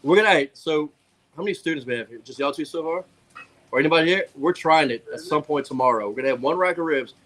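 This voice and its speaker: A man's voice: a little high, quick pace. A man telling a funny story on a casual talk show, acting out what people said. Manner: animated, laughing storyteller acting out quotes.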